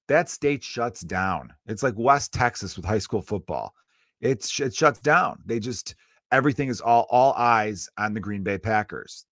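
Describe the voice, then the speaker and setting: A man's voice: mid-range voice, no room sound, studio quality. A man, a comedian hosting his podcast, ranting casually with lots of swearing and asides. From Chicago area. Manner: profane, animated ranting with frequent asides.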